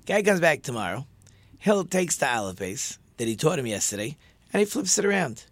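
A man teaching a religious lesson through stories, animated and acting out the dialogue with lively shifts in pitch. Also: a little fast, dry recording. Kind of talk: storytelling lesson.

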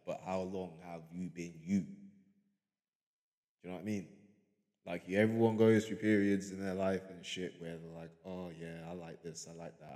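A man's voice: deep voice, darkish tone, in a large hall. A young man hosting a casual solo podcast, rambling and laid-back, leaning on slang and fillers as he muses. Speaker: podcast host.

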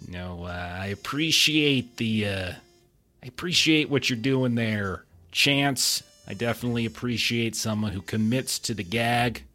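A man voicing a smooth-talking male crime boss who calmly tries to soothe a tense room with a slow, falsely friendly manner. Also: mid-range voice, soft background music.

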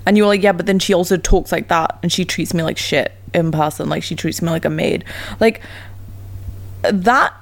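A woman's voice: on the low side, moderate pace. A woman from Dubai in casual chat, making emphatic points and laughing between them.

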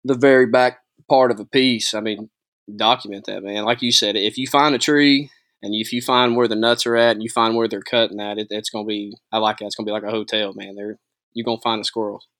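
Easygoing low-voiced male guest. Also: steady tone, a little fast, a bit bright. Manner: easygoing, peppers talk with "man". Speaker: podcast guest. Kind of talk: casual hunting podcast chat.

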